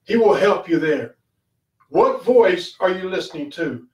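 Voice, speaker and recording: In an echoey room, far off the microphone, a man with a high-sitting voice preaches a brief, fervent sermon. His intonation is lively and his pace measured, and he repeats key phrases with growing emphasis.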